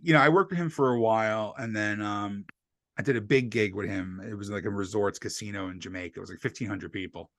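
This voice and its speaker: Fast and low-voiced, the New Jersey comic rattles off casual podcast anecdotes, cursing and animatedly playing out what people told him. His desk USB microphone gives studio-quality sound without any room tone.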